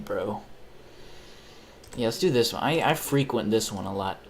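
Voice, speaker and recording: A man's voice: lowish voice, lively intonation, measured pace, creaky, long pauses, a little hiss or hum. A young man chatting casually on a live stream while he plays games, rambling, swearing freely and poking fun at himself. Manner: rambling, profane, self-mocking.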